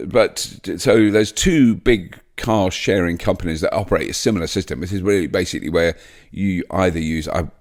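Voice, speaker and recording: A man hosting a solo podcast, rambling and self-mocking with frequent laughs. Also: deep voice. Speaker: podcast host.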